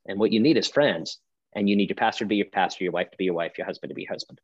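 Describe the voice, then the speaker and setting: A man's voice: lowish voice, steady tone, quick pace, dry recording, muffled recording. A man speaking as a pastor on a podcast, emphatic and preacherly, driving his point with rhetorical questions. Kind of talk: podcast conversation.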